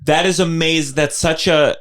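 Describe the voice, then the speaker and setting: A man's voice: fairly high pitch, fairly even intonation, normal speed, background noise. A man hosting a podcast, asking curious questions and joking in casual chat. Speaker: podcast host.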